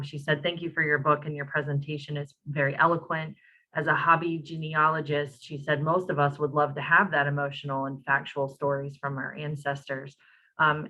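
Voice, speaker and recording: A woman's voice: deep voice, pushed and bright, highs cut off. A woman hosting an online talk, reading out audience questions in a conversational way with many fillers. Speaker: host, moderator.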